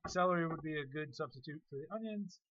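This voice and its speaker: A man's voice: a little high, fast, highs cut off, noisy background. A man chef chatting casually and joking with filler words while demonstrating a recipe.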